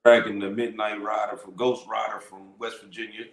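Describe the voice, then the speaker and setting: Man, co-host, laid-back, slangy casual chat, low voice, echoey room. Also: flat delivery, normal speed. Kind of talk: casual live-show chat. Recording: roomy echo.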